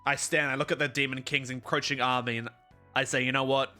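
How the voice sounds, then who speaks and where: Bright-voiced young man ranting on stream. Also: medium pitch, fairly even intonation, a little fast, faint music behind. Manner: ranting, profane, mock-heroic outbursts. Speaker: livestreamer. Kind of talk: casual live-stream chat.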